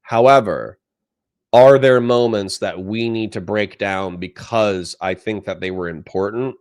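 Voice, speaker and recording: A young man hosting a casual livestream, reading chat comments aloud and reacting in a profane, animated way. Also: lowish voice, a little slow. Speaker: livestream host.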